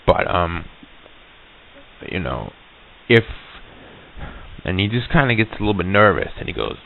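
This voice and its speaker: A shaken vending serviceman recounts his story with stops, stammers and restarts, as a man plays him. His voice sits very low and comes through thin and tinny, like an old reel-to-reel tape recording. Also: sing-song, gravelly, exaggerated voice. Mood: uneasy. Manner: halting, stammering, full of restarts and fillers. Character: shaken male vending serviceman recalling a haunting. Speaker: vending machine route worker giving a recorded account. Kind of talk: hesitant spoken recollection on tape.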